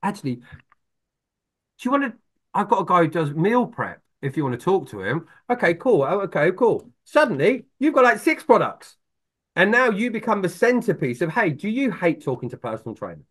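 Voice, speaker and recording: A middle-aged man talking as a sales expert guest on a podcast, lively and blunt, acting out phone calls and swearing freely. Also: sits high, normal speed. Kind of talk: animated podcast talk.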